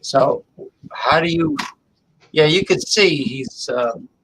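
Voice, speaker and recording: A man's voice: on the high side, expressive, slow, fairly bright tone, slight background noise, poor audio. A man co-hosting a casual talk show, rambling with lots of fillers and restarts. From New Jersey. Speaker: co-host. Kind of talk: casual chat.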